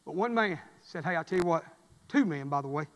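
A man preaching a sermon, telling folksy stories and swinging from loud cries to low murmurs. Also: expressive, a little fast, in a large hall.

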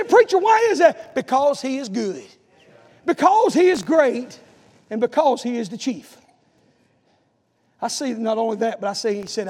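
A man preaching a sermon as pastor, swinging from hushed, drawn-out lines to shouted calls. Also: very high-pitched, lively intonation, in a large hall.

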